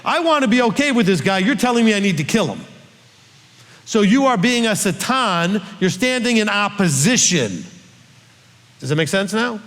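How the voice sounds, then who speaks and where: A man's voice: sits high, lively intonation, normal speed, fairly bright tone, big-room sound. A male rabbi reading scripture aloud and teaching from it, in a conversational way that puts questions to his listeners.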